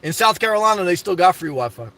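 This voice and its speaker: A man's voice: sits high, expressive, fast, bright, forceful tone. A man live-streaming from inside a parked car, rambling through viewer comments, joking and laughing often, with lots of "man" and "guys".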